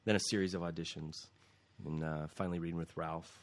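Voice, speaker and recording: A man's voice: deep voice, brisk. A middle-aged man, an actor guest, telling a story in a casual interview and acting out quoted lines. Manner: animated, acts out quoted lines.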